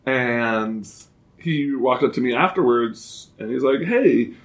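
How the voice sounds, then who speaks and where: A young man chatting casually on a podcast, his voice carrying a gravelly fry. He talks haltingly, restarting sentences and filling gaps with ums. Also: medium pitch, expressive. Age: young adult. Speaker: podcast co-host. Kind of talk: casual chat.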